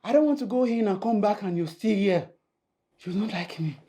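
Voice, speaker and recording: A woman's voice: medium pitch, fairly quick, dark tone, slight background noise, close to an everyday voice. A woman playing a bitter scornful woman. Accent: Nigerian. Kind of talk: Nollywood film acting.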